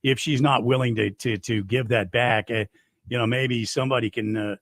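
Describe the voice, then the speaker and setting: A man's voice: medium pitch, fairly even intonation, moderate pace, fairly bright tone. A man co-hosting a sports radio show, answering hesitantly with stammered restarts. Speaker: radio co-host. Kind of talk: casual chat.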